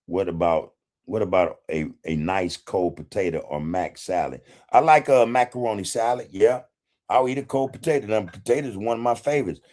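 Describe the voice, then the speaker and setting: A man's voice: on the low side, normal speed, a little mellow. A man hosting a casual livestream, reading chat comments in a laid-back way, swearing freely and chuckling often. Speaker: podcast host reading live chat.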